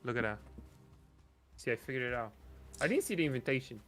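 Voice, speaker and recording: A male streamer with a bright, forceful voice chats loosely while he plays with friends. He jokes around, talks to his viewers and tells little stories mid-game. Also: medium pitch, lively intonation, a little fast. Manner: chatty and joking, talks to chat. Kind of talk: casual gaming chat.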